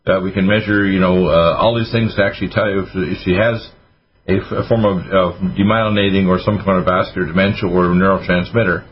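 A deep-voiced man hosts a radio health show and talks quickly, piling up advice and throwing in sarcastic asides. The sound is dull and lo-fi, with a faint hiss underneath. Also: steady tone. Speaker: radio host doctor. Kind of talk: casual radio talk.

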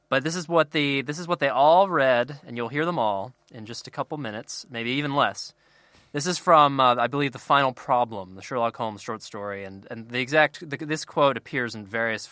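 A man co-hosts a podcast in relaxed, joking chat. His voice is bright and forward. The sound is dry and close, with no room around it. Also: medium pitch, no room sound. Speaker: podcast co-host. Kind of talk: casual chat.

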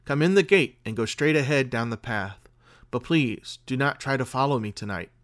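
A man reading the lines of a mysterious, calm woman fortune-teller who speaks cryptically and flatly. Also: mid-range voice, moderate pace, close to an everyday voice. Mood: cryptic. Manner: cryptic, flat, final. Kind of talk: read-aloud story dialogue.

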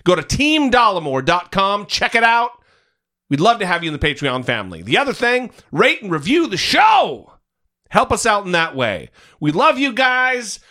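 Animated bright-voiced male podcast host. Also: high-pitched, normal speed. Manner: heated, cursing, emphatic. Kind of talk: casual political chat.

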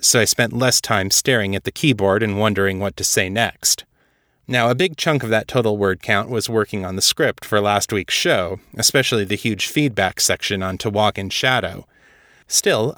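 A man hosting a podcast, narrating a story and giving updates in a measured, matter-of-fact way. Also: on the low side, fairly bright tone, no echo, clean studio sound. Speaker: podcast host and author.

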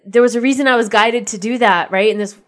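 A woman's voice: fairly high pitch, quick pace, fairly bright tone. Chatty woman hosting a podcast. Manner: chatty and candid, swears freely when recounting annoyance. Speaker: podcast host. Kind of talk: casual solo podcast storytelling. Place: lives in Nashville.

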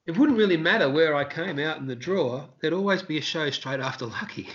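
An Australian man, a street performer, telling rambling, animated anecdotes in a casual interview. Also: a little high, fairly quick, dull audio.

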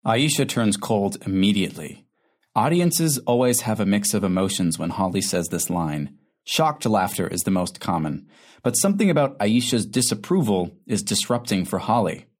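A man narrates a scripted drama in a low, slightly husky voice. His delivery is calm and observant, though his pitch moves a lot, and he describes each reaction like a stage direction. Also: normal speed.

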